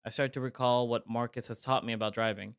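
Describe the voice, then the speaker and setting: A man reads a visual novel aloud on a live stream, narrating in the first person. His voice sits at an ordinary middle pitch. He breaks off now and then for casual, joking remarks. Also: steady tone, quick pace, clean tone, no echo, clean studio sound.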